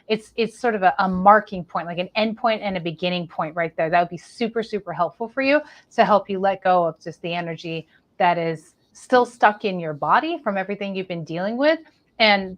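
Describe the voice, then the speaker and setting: Female psychic reader, calm and reassuring, gentle repetitive delivery. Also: mid-range voice. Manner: soothing, reassuring, repetitive phrasing. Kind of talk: live spiritual reading.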